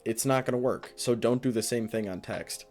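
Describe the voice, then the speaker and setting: A man's voice: medium pitch, steady tone, moderate pace, a little mellow, faint music behind. A man giving blunt, offhand dating advice in a casual monologue.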